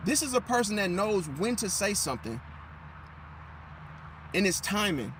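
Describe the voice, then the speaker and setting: A man giving an animated, emphatic astrology monologue and losing his voice. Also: high voice, normal speed, slight background noise. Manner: animated, emphatic, repeats "see?"; drops into mocking impressions of others. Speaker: astrology commentator. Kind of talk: casual monologue.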